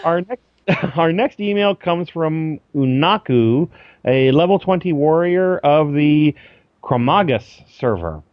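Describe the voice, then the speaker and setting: A man's voice: on the high side, animated, slow pace, no room sound. Man reading email on a dull, dry mic. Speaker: podcast host. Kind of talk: casual chat and reading listener email.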